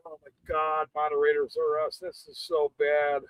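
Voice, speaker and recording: A man's voice: fairly high pitch, little pitch movement, unhurried, few pauses, dry recording, rough recording. A man hosting a casual livestream, swearing and greeting viewers in chat between bursts of laughter. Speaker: livestream host.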